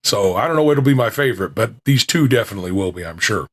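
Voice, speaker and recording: A man's voice: on the low side, animated, quick pace, a bit bright, husky. A man hosting a small podcast, chatting casually with restarts, then reading an old lecture aloud, his voice still recovering. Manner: rambling and self-deprecating, with restarts.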